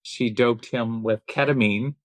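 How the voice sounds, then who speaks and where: A man co-hosting a casual film review chat. He recaps scenes in an easygoing, agreeable way. His voice is mid-pitched, and the sound is close and dry. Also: fairly even intonation, measured pace, no echo. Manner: easygoing, agreeable, laughs along. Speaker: film review podcast host.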